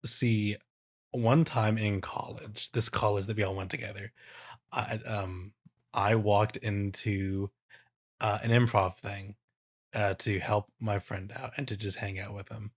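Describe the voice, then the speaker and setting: Low-voiced rambling podcast host. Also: male voice, level tone, unhurried. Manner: rambling, hesitant, many restarts. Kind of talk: casual podcast discussion.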